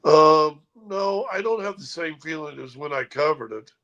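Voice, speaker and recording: A man hosting a casual sports talk show, telling animated stories and mimicking others. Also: fairly high pitch, moderate pace, lo-fi sound. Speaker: sports radio host.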